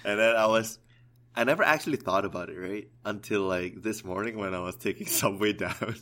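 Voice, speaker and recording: A man's voice: on the low side, a little fast, sharp tone. A man co-hosting a podcast in casual chat, rambling with fillers and laughing often. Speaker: podcast co-host; works in process optimization.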